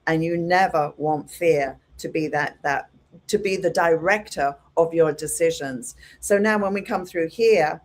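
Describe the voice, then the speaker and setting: A middle-aged woman teaching a hairdressing class, animated and acting out her clients with lively exclamations. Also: deep voice, unhurried. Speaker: hairdressing educator.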